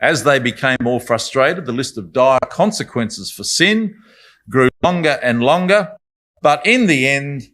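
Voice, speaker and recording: A man's voice: mid-range voice, animated, unhurried, a bit bright. A man giving a Bible study talk in a conversational, reflective way, with apologetic asides. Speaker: Bible speaker.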